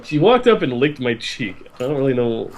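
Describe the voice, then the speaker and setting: A man hosting a comedy read-along podcast. His pitch swings widely as he reads and reacts, with frequent bursts of laughter and exclamations. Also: normal speed. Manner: expressive, with frequent laughter and outbursts. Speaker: podcast host reading a fan story. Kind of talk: comedic reading aloud with banter.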